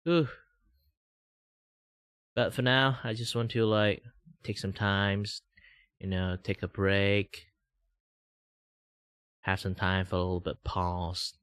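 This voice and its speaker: A young Malaysian man, a VTuber streamer whose first language is Mandarin, chats casually on a livestream in Malaysian English with a faint British lilt. The studio-quality recording is dry and smooth, his voice a bit bright, level in tone and slow with long pauses, though he still rambles, stretches words and hops between high and low pitch.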